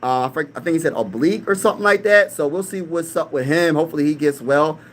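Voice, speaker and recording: A man's voice: fairly high pitch, quick pace, a bit bright. A young man from Pennsylvania hosting a casual live-stream sports talk, hyped and trash-talking while reading the chat aloud. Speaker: sports channel host.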